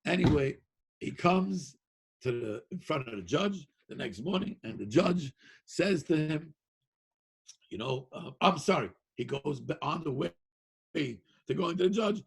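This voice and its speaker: A male teacher tells a story with animated energy, often repeating himself and breaking into short laughs. His voice is rough and gravelly, with a husky edge. It sits high for a man. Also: a little slow. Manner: animated, repeats words, laughs between lines. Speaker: Torah teacher. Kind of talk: storytelling lecture.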